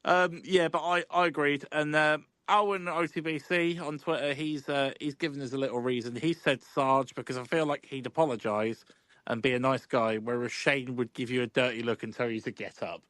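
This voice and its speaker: A man's voice: medium pitch, steady tone, normal speed, a bit bright, dry recording. A man hosting a football podcast, laid-back and chuckling, with lots of ums. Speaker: podcast host. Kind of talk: casual chat.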